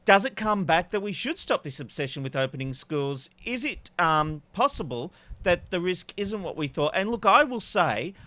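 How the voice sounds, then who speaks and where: Australian male host, bright forceful tone, chatty and laughing between items, dry close sound. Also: high-pitched, very animated, moderate pace, few pauses, dry recording. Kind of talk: news panel chat.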